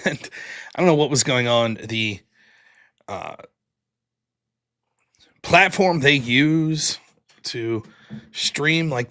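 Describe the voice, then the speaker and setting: A man hosts his own evening live stream, talking loosely and rambling on with self-deprecating asides. His voice is bright and forceful, at an ordinary middle pitch. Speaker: show host. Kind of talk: casual live-stream chat.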